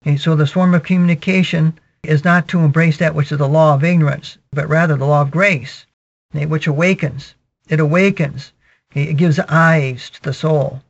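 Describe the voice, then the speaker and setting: Higher-pitched male preacher on a dull recording. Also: steady tone, vocal fry. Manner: measured teaching, peppered with "okay" and repetitions. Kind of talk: sermon, verse-by-verse Bible exposition.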